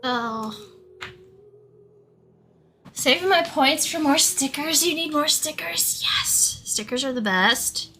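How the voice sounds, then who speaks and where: A woman's voice: sits high, animated, takes it slowly, pauses often, sharp tone, soft background music. A young woman chatting casually on a live stream, giggling often and thanking her viewers one by one. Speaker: livestreamer.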